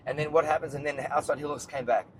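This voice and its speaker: Australian male podcast host, rapid and emphatic, middle-pitched, faint road noise behind; casual chat in a car. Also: steady tone. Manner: fast, emphatic, rambling. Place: inside a car while driving.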